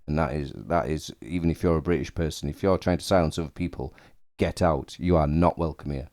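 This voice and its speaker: Brief: very low, deep male commentator, dry close voice-over, halting with lots of uhs, blunt views. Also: a little mellow, no echo. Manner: hesitant, many fillers, blunt opinions. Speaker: commentator reacting to a video. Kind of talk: casual reaction commentary.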